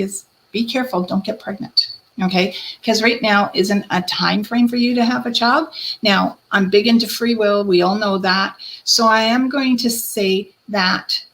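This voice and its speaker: Woman, psychic host of a live stream; gentle, reassuring reader with a mid-pitched voice. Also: poor audio. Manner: gentle, reassuring, addresses viewers by name. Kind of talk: live-stream card reading.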